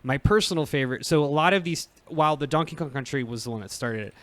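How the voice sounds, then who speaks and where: A man in his thirties hosts a podcast, chatting casually and rambling with plenty of filler words and frequent laughter. His voice is a little high, fast, and fairly bright, with no room sound.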